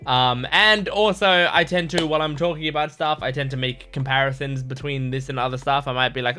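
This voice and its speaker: A man's voice: medium pitch, fairly even intonation, a little fast, hardly any pauses, bright, forceful tone. A man hosting a reaction video in casual chat, rambling and chatty with frequent restarts.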